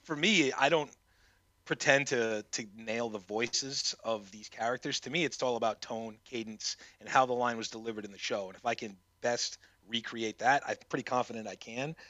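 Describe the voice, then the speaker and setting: A man chatting casually as a guest on a podcast, animated and quick to laugh, swearing freely. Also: mid-range voice, dry recording, lo-fi sound. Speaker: guest prank caller.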